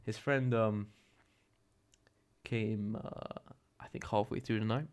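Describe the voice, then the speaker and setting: A man's voice: fairly low pitch, steady tone, slow, darkish tone. A young man hosting a podcast, telling a story in a rambling, profane, self-correcting way. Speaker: podcast host. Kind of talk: casual solo podcast storytelling.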